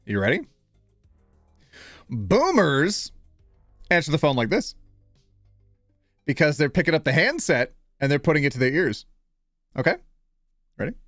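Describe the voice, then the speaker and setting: Animated male streamer, lively pitch. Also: a little slow, pauses often, dry recording, clean studio sound, faint music behind. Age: 30s. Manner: animated, playful, self-deprecating, fumbles names. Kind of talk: live stream chat.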